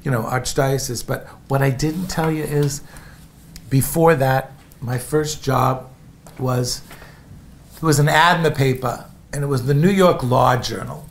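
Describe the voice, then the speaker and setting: There's slight background noise as a man with a creaky, medium-pitched voice recounts episodes from his life at a measured pace. Hailing from Indiana, USA, he rambles casually and keeps calling his listeners folks.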